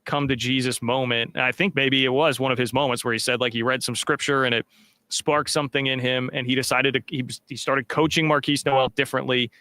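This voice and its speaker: A man's voice: medium pitch, level tone, brisk, pushed and bright, no room sound. A man hosting a sports podcast, chatting casually and upbeat with lots of fillers. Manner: upbeat, filler-heavy, reads sponsor plug.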